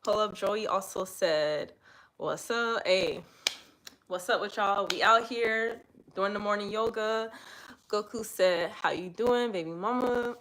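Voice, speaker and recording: A woman's voice: medium pitch, slow pace, slight background noise. Casual woman leading a yoga livestream. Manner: casual slangy chat, laughs often, reads viewer comments aloud; soft, steady breathing cues while guiding poses. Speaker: yoga instructor. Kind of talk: live-streamed yoga class with chat.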